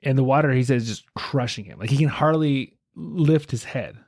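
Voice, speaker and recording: A man hosting a podcast, telling a story in a relaxed, chatty way with lots of fillers. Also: medium pitch, moderate pace, no echo, clean studio sound. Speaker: podcast host. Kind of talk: casual storytelling chat.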